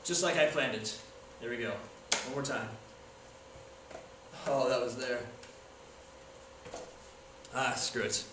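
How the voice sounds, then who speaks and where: A man's voice: mid-range voice, slow pace, pauses often, fairly bright tone. A young man chatting casually in a joking, self-deprecating way as he films himself. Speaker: video maker. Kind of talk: casual self-filmed tutorial talk. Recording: echoey room from far off, faint noise.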